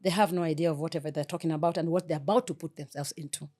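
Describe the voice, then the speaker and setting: A middle-aged woman speaks as an interview guest in a low, steady voice, talking very fast. She is earnest, heartfelt and soft-spoken, sharing emotional interview talk.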